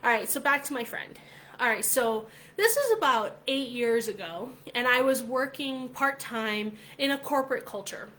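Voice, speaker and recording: A middle-aged woman hosting a casual vlog, telling a story in a chatty, animated way, with lots of filler words. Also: fairly high pitch, normal speed. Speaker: vlog host.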